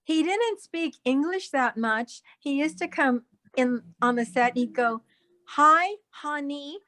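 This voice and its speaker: A woman with a slightly higher voice tells stories from her acting career in an easy, chatty way. She laughs often and drops into accents to act out the people she talks about. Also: expressive, a little slow. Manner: laughs often, mimics accents mid-story. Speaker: guest actress. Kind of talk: casual storytelling chat.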